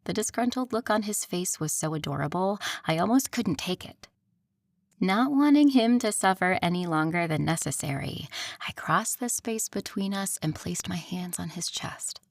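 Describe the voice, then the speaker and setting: Low-voiced woman narrating intimately. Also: dry recording, clean studio sound. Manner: intimate, often dropping to a near whisper. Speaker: audiobook narrator. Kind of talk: first-person romance narration.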